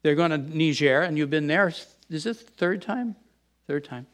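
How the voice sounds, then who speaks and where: A middle-aged man preaching a sermon, who repeats and restarts his words and rises now and then into loud bursts. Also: on the high side, animated, measured pace. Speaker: pastor.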